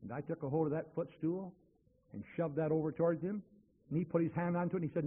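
A male preacher tells a story from the pulpit, voicing himself and the other people in it with dramatic flair. His voice is husky and slightly high. The sound is thin and tinny, like a phone line. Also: quick pace. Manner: dramatic storyteller, acting out both sides of a conversation. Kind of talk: sermon storytelling.

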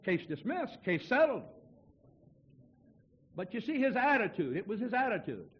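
A man's voice: high voice, big pitch swings, brisk, muffled recording, a little hiss or hum. A man preaching as an evangelist to a congregation, telling wry, folksy stories and jokes in a humorous sermon. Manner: storytelling, wry and joking. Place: church before a congregation.

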